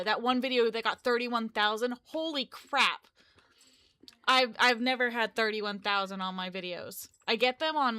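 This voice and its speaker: A woman's voice: fairly high pitch, pushed and bright. A woman in her twenties chatting casually on a live stream, rambling and correcting herself as she goes. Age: 20s. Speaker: live streamer and game developer.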